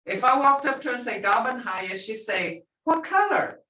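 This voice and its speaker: A woman teaching a language class, animated, acting out reactions and laughing often. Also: a little high, fairly quick. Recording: roomy classroom sound from far off.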